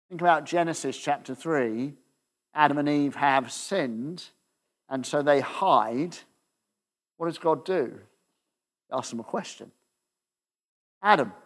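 A man preaching a conversational sermon, often checking in with the congregation and letting his voice drop softly at the ends of phrases. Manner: conversational, asks the audience questions with tag "okay?"; drops to a soft low voice at the ends of phrases.

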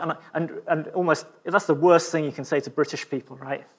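A middle-aged man, preaching in a fairly high voice. He speaks with lively, stumbling energy, repeating words as he restarts his sentences. He drops into a quiet, earnest prayer at the close. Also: a little fast, hardly any pauses, slightly rough. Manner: animated, stumbling restarts, dropping to a hushed prayer. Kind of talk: sermon.

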